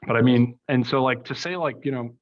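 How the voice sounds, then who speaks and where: A man's voice: mid-range voice, a little fast. A young man, a podcast guest, rambling through casual stories with lots of fillers and asides. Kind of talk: casual conversation. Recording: slightly muffled recording.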